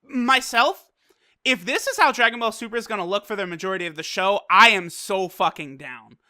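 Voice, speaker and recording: Bright-voiced, hyped anime reviewer. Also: medium pitch, brisk. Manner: excitable and profane, with loose fillers. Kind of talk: casual video review.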